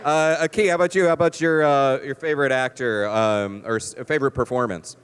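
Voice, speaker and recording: A man moderating a convention panel, quick and laughing. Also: mid-range voice, steady tone, clear, resonant tone, a faint crowd.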